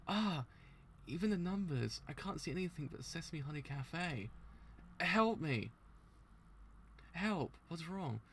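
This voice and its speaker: A man's voice: on the high side, fairly bright tone, a little hiss or hum. A man reading aloud as a frightened young woman begging for help, in a plain voice.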